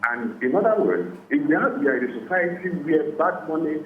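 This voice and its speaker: Guy calling into a radio show, halting and repetitive, sounds muffled and roomy. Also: a little high, expressive. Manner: halting, repeats words, asks "are you getting it?". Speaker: caller. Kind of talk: phone-in comment. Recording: muffled, roomy phone line with faint noise.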